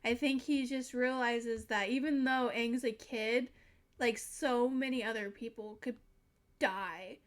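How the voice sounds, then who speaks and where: A woman's voice: fairly high pitch, fairly even intonation, a little slow. A young woman reacting to a show in casual commentary, emotional, teary and swearing freely. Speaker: reaction video host.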